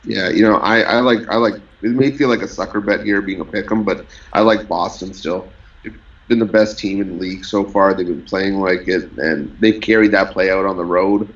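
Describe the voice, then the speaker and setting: A man giving measured, analytical betting picks in a casual sports chat. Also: sits low, fairly even intonation, lo-fi sound. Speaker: sports handicapper.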